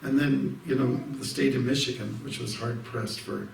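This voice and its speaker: A man's voice: medium pitch, fairly even intonation, moderate pace, creaky. A man, a monk from Canada, giving an informal devotional evening talk, rambling through stories with many fillers and restarts. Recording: roomy hall, distant mic, faint noise.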